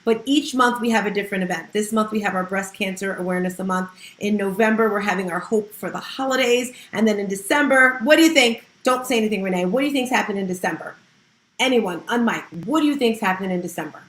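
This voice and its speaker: A woman's voice: medium pitch, fast, a bit bright. Chatty woman hosting with echo. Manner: upbeat, chatty, laughs often. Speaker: host. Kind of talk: casual online audio room hosting.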